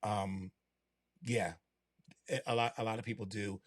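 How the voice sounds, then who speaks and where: A man's voice: on the low side, steady tone, measured pace, no echo, clean studio sound. A man hosting a casual talk show for agents, speaking. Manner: chatty, many fillers and restarts. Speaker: host.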